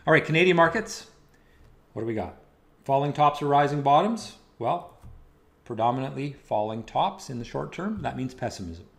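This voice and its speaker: A man hosting a weekly market analysis, steadily talking through charts with casual asides. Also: medium pitch.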